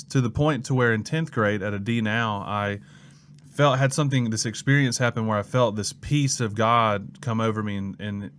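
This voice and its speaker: A man's voice: mid-range voice, slight background noise. A young man from Mississippi, a student pastor telling his story in a casual interview and acting out the people he quotes. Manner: lively storyteller who acts out quoted people.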